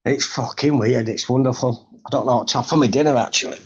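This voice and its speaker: A man's voice: medium pitch, steady tone, fast talker, breathy edge. A man chatting on a live stream, blunt, sweary and grumbling. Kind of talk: casual live chat. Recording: dull lo-fi stream audio.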